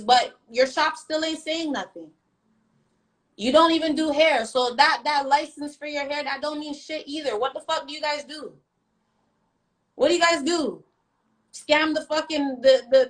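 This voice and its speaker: The recording is rough, and the young woman's voice is high and fairly bright. A vlogger giving her side in a story time rant, she stays blunt and defiant, drops frequent profanity, and repeats things to stress them.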